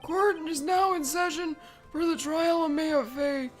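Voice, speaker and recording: A woman's voice: high-pitched, a little slow, soft background music, voice pushed up. A woman voicing a fussy older male judge in a formal, slightly hesitant way.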